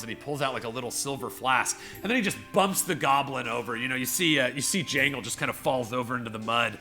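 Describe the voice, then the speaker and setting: A man's voice: medium pitch, fast, few pauses, bright, forceful tone, soft background music. A man narrating a tabletop game as game master, rambling with many fillers. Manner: rambling, filler-heavy storytelling.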